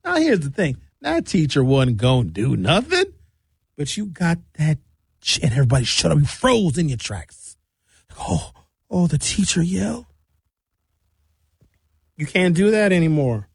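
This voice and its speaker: A man's voice: a little high, a little slow, vocal fry, long pauses, breathy edge, no echo. A man, talking in a casual monologue and acting out voices as he tells stories. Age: 50s. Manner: animated storytelling with shouted impressions.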